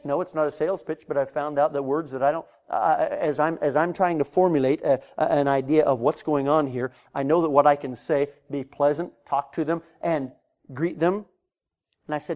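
Preaching in a narrative style, this man performs doorstep exchanges and his voice climbs loud and high whenever he gets worked up. His pace is a little quick.

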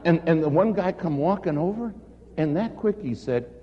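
Dramatic preacher telling a story in a hall. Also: male voice, a little high, lively intonation, moderate pace. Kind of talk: storytelling sermon. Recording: echoey hall, dull lo-fi sound with faint noise.

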